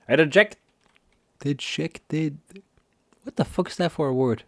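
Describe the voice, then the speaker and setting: A man's voice: on the high side, unhurried, gravelly, long pauses. A man from Germany, rambling and swearing in casual game-stream commentary. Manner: rambling and profane, many restarts. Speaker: gamer streamer. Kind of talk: let's play commentary.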